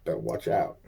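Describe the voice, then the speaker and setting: A man venting in a rambling casual monologue, agitated, profane and full of repeated fillers. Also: noisy background.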